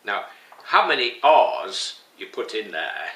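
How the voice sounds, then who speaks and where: A man speaking slowly and haltingly in an earnest, gently humorous tone as he gives his opinion to the camera. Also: lowish voice, very animated, distant mic. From England. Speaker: vlogger. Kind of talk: spoken opinion piece. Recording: echoey room, voice from off-mic.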